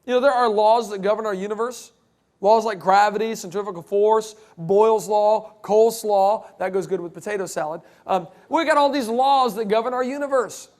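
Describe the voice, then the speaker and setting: High-voiced, joking male lecturer. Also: moderate pace. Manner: joking, animated, playful asides. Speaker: creationist speaker. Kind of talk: humorous lecture to an audience.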